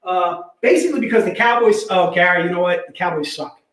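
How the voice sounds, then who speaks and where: Energetic male livestream host, high-pitched, jokey patter, roomy echo. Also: fast. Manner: energetic, joking, repeats "all right". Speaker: livestream host selling comic packs. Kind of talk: casual sales livestream chat. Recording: echoey room.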